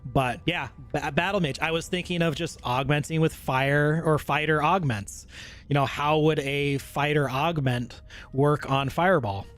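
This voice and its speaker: A man's voice: on the high side, steady tone, a little slow, a bit bright, soft background music. A man streaming a game, chatting loosely and enthusiastically with viewers in slangy, rambling commentary. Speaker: gaming streamer. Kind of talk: casual gameplay commentary.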